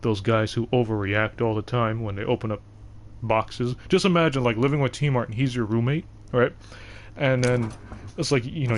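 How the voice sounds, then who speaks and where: Young guy streaming, rambling on with lots of uh and restarts, voice not high not low, hiss all over the mic. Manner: rambling, chatty, frequent fillers and restarts. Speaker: game streamer. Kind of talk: casual live-stream chat.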